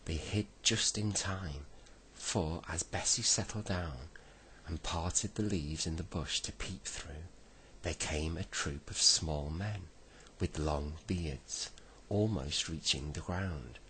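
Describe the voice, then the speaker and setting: Slow, deep-voiced man reading bedtime stories. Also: slight background noise, rough recording. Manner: gentle reading with self-corrections. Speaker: storyteller.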